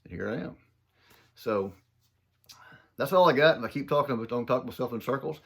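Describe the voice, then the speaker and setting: A man from southern Mississippi speaks in a thick Southern accent. He gives an earnest, folksy faith talk, talking fast and loosely, with some words run together and some restarted. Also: medium pitch, animated, breathy edge. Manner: earnest, folksy, addresses listeners as y'all. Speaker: Christian speaker.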